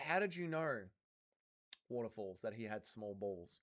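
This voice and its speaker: Hosting a livestream, this young Australian guy talks at a normal speed in a slightly high, somewhat bright and animated voice. He reads viewer comments aloud with blunt, crude humor and a casual, joking manner.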